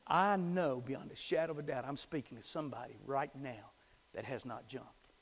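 A middle-aged man preaching a sermon as a pastor, swinging from hushed whispers to shouted climaxes. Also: medium pitch, normal speed, in a large hall. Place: church sanctuary.

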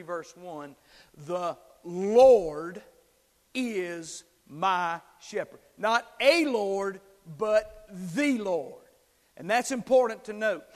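A man preaching a sermon in a church with a long, echoing reverb. His voice sits high, and he moves from soft whispers to big, climbing shouts, pausing to have the congregation say the words back to him. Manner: dynamic preaching, drops to whispers and builds to shouts; asks the congregation to repeat after him. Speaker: pastor. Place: church sanctuary.

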